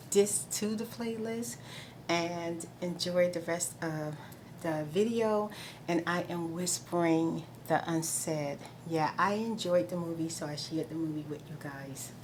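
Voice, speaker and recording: A woman's voice: fairly low pitch, darkish tone. Chatty middle-aged woman vlogging. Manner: chatty and rambling, exasperated asides. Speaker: vlogger host. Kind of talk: casual chat. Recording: noticeable background noise.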